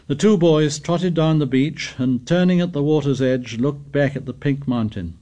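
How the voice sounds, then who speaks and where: A medium-pitched man narrates a novel for an audiobook, reading scripted text in a measured, even storytelling style.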